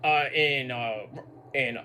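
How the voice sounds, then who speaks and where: A man's voice: medium pitch, slow pace, bright, forceful tone, smooth. A man giving a casual recap of a show. He rambles, repeats words, makes asides and swears freely. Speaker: wrestling show reviewer.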